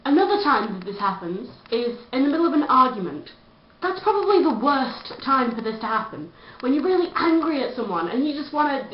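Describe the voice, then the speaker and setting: A woman, vlogging a chatty, self-mocking rant to camera. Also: high voice. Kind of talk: casual comedic rant to camera. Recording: dull lo-fi echoey room sound.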